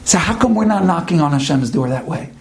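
Man, rabbi's sermon, rhetorical questions, Hebrew terms in English, high voice. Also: lively intonation, creaky, a little hiss or hum. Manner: rhetorical questions, drawn-out emphatic pauses. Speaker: rabbi giving a Torah talk. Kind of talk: Torah lesson sermon.

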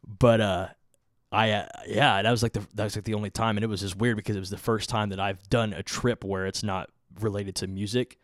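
A man's voice: lowish voice, fairly even intonation, fairly quick, dry recording, studio quality. A young man hosting a podcast, telling a long rambling story with lots of swearing and filler words. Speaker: podcast host. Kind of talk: casual storytelling.

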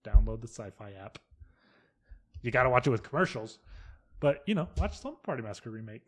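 A man co-hosting a casual podcast, talking loosely and excitably with frequent swearing. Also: mid-range voice, fairly quick. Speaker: podcast co-host.

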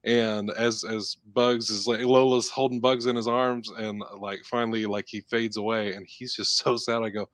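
A man's voice: on the low side, level tone, normal speed, hardly any pauses, no room sound. A man co-hosting a podcast, chatting casually and rambling through a story with many fillers. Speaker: podcast co-host. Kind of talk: casual chat.

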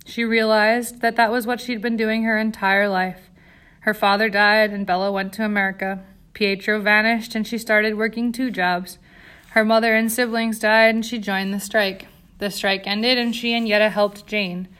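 A woman narrating an audiobook in a steady, dramatic storytelling voice. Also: mid-range voice, normal speed.

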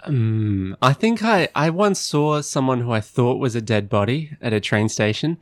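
A man's voice: mid-range voice, lively intonation, normal speed, dry recording, studio quality. A man co-hosting a casual podcast, rambling and hesitant with many fillers. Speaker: podcast co-host.

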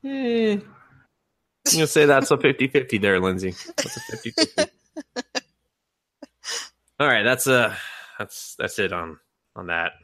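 Animated laughing man, bright edgy voice. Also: medium pitch, measured pace, pauses often, dry recording, clean studio sound. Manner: animated retelling with laughs and swearing. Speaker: podcast co-host. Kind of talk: casual chat.

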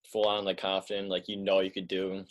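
Low-voiced man hosting a podcast. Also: monotone, brisk. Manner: casual, heavy use of "like". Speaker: podcast host. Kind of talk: casual podcast interview.

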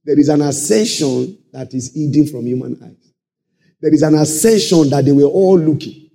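Male preacher, high lively voice, mellow tone, shouts and sung lines. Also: normal speed, vocal fry. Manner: animated call-and-response preaching, sudden shouts and sung phrases. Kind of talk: sermon.

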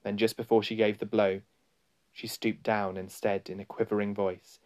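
Male storybook narrator, low voice, unhurried dramatic reading. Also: flat delivery, darkish tone. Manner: slow, deliberate, dramatic. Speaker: audiobook narrator.

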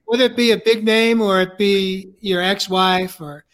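An older man, a life coach, talking earnestly in casual conversation, halting with fillers. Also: high-pitched, steady tone, a bit bright.

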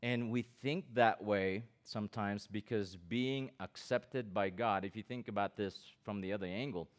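A middle-aged pastor preaching to students at a youth camp, reading scripture aloud and breaking in with his own comments and questions. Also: lowish voice. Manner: asks the listeners direct questions.

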